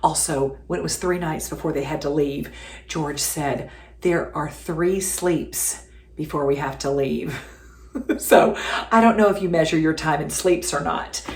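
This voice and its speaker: In her home kitchen, a middle-aged woman hosts a casual cooking demonstration, chatting warmly and laughing a lot. Her voice sits low and carries some reverb.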